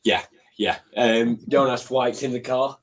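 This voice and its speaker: Excitable male guest calling the match. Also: mid-range voice. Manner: excitable, quick match calls mixed with chat. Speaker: guest co-commentator. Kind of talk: casual live match commentary.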